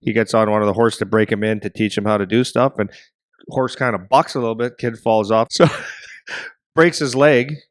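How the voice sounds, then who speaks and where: A middle-aged man co-hosting a hockey podcast, telling a story in a rambling, animated way and acting out voices. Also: lowish voice, normal speed, dry recording, studio quality. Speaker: podcast co-host and hockey parent.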